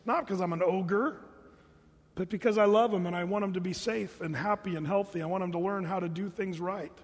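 A man preaching a sermon as pastor, animated and jokey, putting on mock voices to make his points. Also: high voice, fairly quick, husky, long reverb tail.

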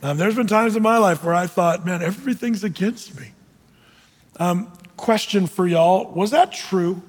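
A man preaching a sermon with a high-pitched voice, chatty and questioning, tossing questions to the congregation between ums and uhs. Long reverb trails off his words in the hall. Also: moderate pace. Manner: conversational, questioning the audience, frequent fillers. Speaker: pastor.

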